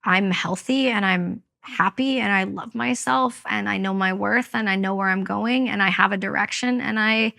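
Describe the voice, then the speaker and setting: A woman's voice: medium pitch, vocal fry, bright, forceful tone. A woman from Canada, a veteran and guest, telling a personal story in an interview, candid and blunt.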